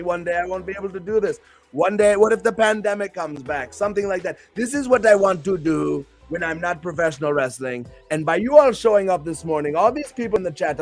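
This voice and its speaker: A man's voice: high-pitched, creaky. A male host and pro wrestler chatting on a live stream show in a hyped, rambling, playful way.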